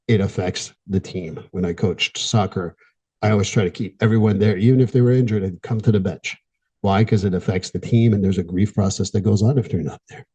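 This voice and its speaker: A middle-aged man, a therapist hosting a podcast, talking in an earnest, candid way with frequent pauses. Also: lowish voice, mellow, breathy edge. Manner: earnest, candid, pausing, gets emotional at times. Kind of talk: reflective podcast monologue.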